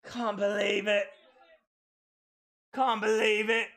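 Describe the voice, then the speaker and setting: A man hosting a live wrestling watch-along, calling the action and breaking into excited shouts. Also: high-pitched, takes it slowly. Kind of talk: live wrestling reaction commentary.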